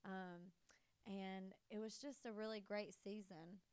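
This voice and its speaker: A woman in her thirties with a Southern US accent, a podcast guest chatting in a bubbly, gushing way with quick laughs. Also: medium pitch, fairly even intonation, a little mellow, clean tone, dry recording. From American South. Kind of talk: casual interview chat.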